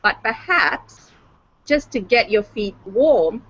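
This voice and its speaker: A woman's voice: on the high side, animated, takes it slowly, a bit bright. Hesitant woman on a muffled call. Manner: hesitant, tentative, uses tag questions. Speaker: panelist. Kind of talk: casual panel chat.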